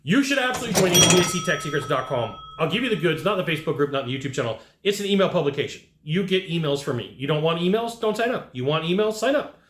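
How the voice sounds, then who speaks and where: A man delivering sales coaching in short, blunt, punchy bursts. His voice sits a little high for a man. It rings in a noticeably echoey room. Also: big pitch swings, fast, few pauses, a bit bright, slight background noise. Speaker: sales trainer. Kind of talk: direct-to-camera sales coaching.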